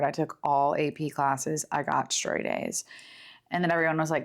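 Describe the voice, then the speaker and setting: Young woman hosting her own show, low gravelly voice, talks slow and open like she's confiding in you. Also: level tone. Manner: earnest, confiding, unhurried. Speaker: podcast host. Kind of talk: reflective personal monologue. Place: home studio. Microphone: studio setup with camera.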